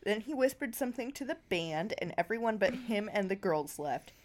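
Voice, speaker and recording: A woman's voice: medium pitch, lively intonation. A woman reading a story aloud for laughs, stumbling over words and breaking into laughter. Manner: reads haltingly, breaking into laughter. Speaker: reader.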